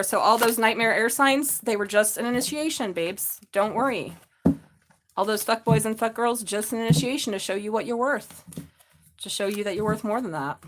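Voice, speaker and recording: A woman's voice: a little high, normal speed, a bit bright, a little hiss or hum. Middle-aged woman reading tarot live; bubbly, foul-mouthed, talks straight to her viewers. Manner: chatty and profane, laughs often, gushes at viewers. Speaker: tarot reader.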